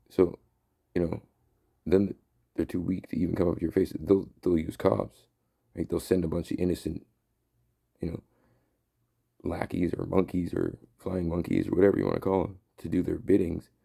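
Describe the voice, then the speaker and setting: A man's voice: low voice, creaky, dark tone, breathy edge. A man delivering a heated, profane, rambling rant in a monologue. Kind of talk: ranting monologue.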